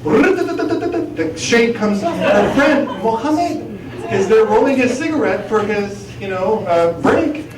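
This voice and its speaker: A man's voice: high-pitched, takes it slowly, few pauses. A man, a college professor, telling a story on stage to a live audience, acting out his own and others' lines and slipping into fluent French. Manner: animated, acts out dialogue, switches into fluent French. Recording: roomy live venue, distant mic, crowd laughter.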